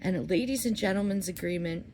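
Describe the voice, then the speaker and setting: A woman in her forties talking to her viewers in a candid, rambling monologue, cursing freely and swinging between loud outbursts and soft asides. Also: lowish voice, quick pace, a little hiss or hum. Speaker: vlogger. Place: outdoors under a flight path.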